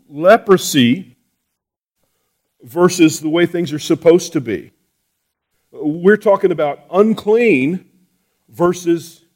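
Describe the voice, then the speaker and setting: A man delivering a sermon in a somewhat high voice. He preaches with animated rhetorical questions and often repeats words as he restarts phrases. His delivery swings between loud, pressing pleas and quiet asides. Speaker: pastor.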